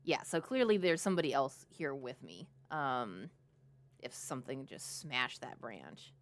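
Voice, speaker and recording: Lively woman streaming a game. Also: rumbling low, unhurried, a little hiss or hum. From Texas. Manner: jumpy, giggly, talks to chat. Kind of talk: live game commentary.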